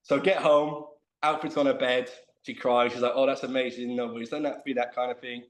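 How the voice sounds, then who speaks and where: A man's voice: mid-range voice, flat delivery, fairly quick, reverberant. A man telling a long, self-mocking story in casual chat as a guest on a video call.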